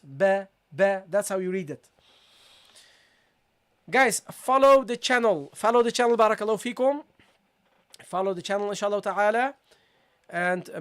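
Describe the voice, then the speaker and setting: A man teaching Quran recitation in a live online lesson. He is emphatic, repeats his words for stress and keeps calling his students "guys", slowing down to demonstrate how a passage is recited. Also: high voice. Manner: breaks into slow demonstration recitation.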